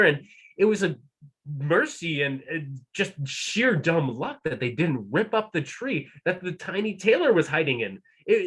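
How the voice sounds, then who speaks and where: Man storyteller, breathy, lively delivery, unhurried, for a folk tale read. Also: fairly high pitch. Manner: animated, playful, shifts between hushed and loud. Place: live storytelling event.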